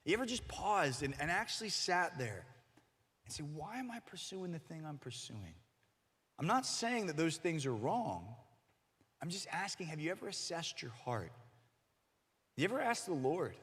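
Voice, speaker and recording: Animated male youth pastor in a reverberant hall. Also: a little high, moderate pace, breathy edge. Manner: animated, acts out quoted voices. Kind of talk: sermon to middle schoolers.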